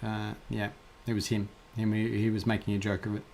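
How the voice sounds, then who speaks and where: A man co-hosting a casual podcast. He talks haltingly, with many "uh"s and restarts. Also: lowish voice, completely flat delivery, a little mellow. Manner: hesitant, stammering restarts. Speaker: co-host.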